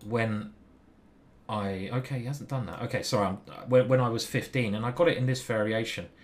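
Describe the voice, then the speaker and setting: A man's voice: mid-range voice, fairly even intonation, a little fast. A man streaming his own chess game, chatting and telling a story while he calls out his moves. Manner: chatty, breaks off mid-story to call moves. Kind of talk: live game commentary.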